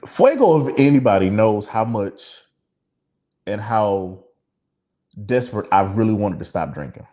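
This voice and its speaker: Lively-voiced man in candid podcast chat. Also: lowish voice, measured pace. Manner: emotional, laughing, profane, confessional. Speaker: podcast co-host.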